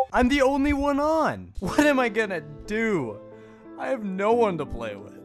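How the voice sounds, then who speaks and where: A man's voice: high voice, very animated, normal speed. A young man acting out a Minecraft comedy skit in a whiny, exaggerated way. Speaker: YouTuber. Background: background music.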